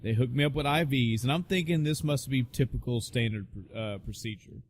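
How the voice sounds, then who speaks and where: A man's voice: medium pitch, fairly quick, slight background noise. A man co-hosting a podcast, telling a story in casual chat with lots of swearing, acting out the people in it. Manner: profane, animated storyteller acting out quoted voices. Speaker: podcast co-host.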